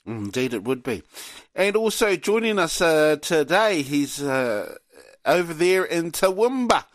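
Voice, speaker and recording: Sing-song New host. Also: male voice, fairly high pitch, big pitch swings, unhurried, no room sound. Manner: easygoing, sing-song introductions. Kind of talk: casual sports chat.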